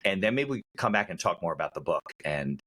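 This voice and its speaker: A man's voice: low-pitched, expressive, fast talker, sharp tone. A man hosting a podcast interview, asking rambling questions in a casual way. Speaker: podcast host.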